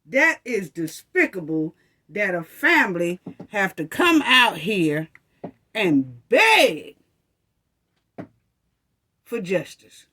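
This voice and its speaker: A woman's voice: mid-range voice, sing-song, slow pace, long pauses, bright, forceful tone. A woman giving passionate, repetitive commentary to her viewers, mocking officials with quoted phrases. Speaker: commentary channel host.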